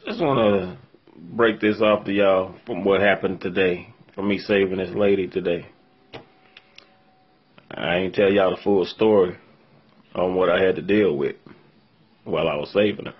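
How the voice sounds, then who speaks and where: A vlogger with a low-pitched, husky voice and fairly even intonation talks to camera at normal speed, with long pauses. Earnest and heartfelt, still shaken after crying, he tells his viewers directly about a hard experience of his own. The sound is lo-fi.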